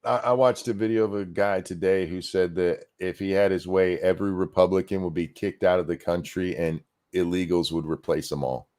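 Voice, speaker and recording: A man's voice: low-pitched, fairly even intonation, fairly quick, few pauses, darkish tone. A man co-hosting a live reaction stream, trading sardonic and profane mocking asides. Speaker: co-host.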